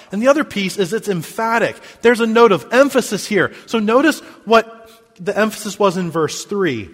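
A man preaching a sermon as pastor, reading scripture and stressing key words, with sharp swings between loud emphasis and quiet drops. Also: big-room sound. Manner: emphatic preaching with big swings in pitch and volume.

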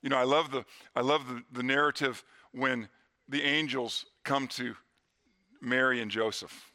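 A middle-aged man delivers a Sunday sermon with a bright, forceful voice. He preaches earnestly and slows down to a near hush on the lines he wants to land. His pitch sits right in the ordinary male middle. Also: fairly even intonation. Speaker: pastor.

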